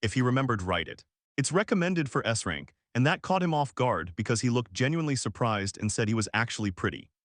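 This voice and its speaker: A man's voice: medium pitch, expressive, brisk, a bit bright, dry recording, studio quality. A man narrating a story recap in a casual, punchy, slangy way, sometimes restarting a word.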